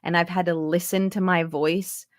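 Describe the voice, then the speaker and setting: A woman's voice: fairly low pitch, little pitch movement, normal speed, no room sound, studio quality. A woman who coaches accents and does voice-over work, chatting casually in an interview and explaining with lots of asides. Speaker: accent and dialect coach, voice actor. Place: home recording booth.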